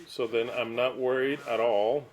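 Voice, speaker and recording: A man's voice: mid-range voice, fairly even intonation, a little slow. A man preaching to his listeners in an earnest teaching style, repeating his points and reading aloud and explaining them.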